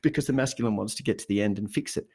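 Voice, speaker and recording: A habits coach appears as a podcast guest, chatting casually and telling animated stories in which he acts out what people said. His voice is fairly low, very fast, and has a breathy edge.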